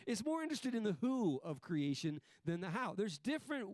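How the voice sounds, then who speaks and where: A man delivers a sermon in a plain, conversational teaching tone. His voice sits a little high, and he often breaks off to restart a phrase before stressing the important word. The sound is dry and close, with no room echo. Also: sing-song, fairly quick, a little mellow. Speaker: pastor.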